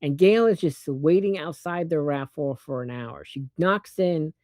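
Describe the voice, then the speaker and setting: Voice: medium pitch, darkish tone, no room sound. A person casually recapping a movie plot with profane, sarcastic asides and a rambling delivery. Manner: acts out characters' lines in quick put-on voices.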